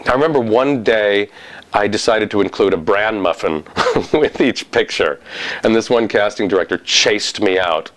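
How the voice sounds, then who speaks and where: A man's voice: on the low side, moderate pace. A man, an actor, telling an anecdote in an interview and acting out the people in it. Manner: animated storyteller who acts out the voices in his story.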